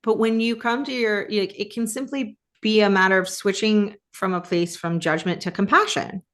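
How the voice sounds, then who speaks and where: A woman co-hosting a podcast in casual chat, animated and quick to restart her sentences. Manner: animated, restarts often, jumps up in pitch. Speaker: podcast co-host.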